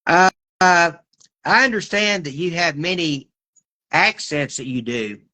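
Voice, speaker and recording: A male host with a bright, forceful voice pitched a little high. He runs a casual video-call interview, keeps the chat going and works through questions he has written down. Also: animated, measured pace. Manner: chatty, asks questions he wrote down.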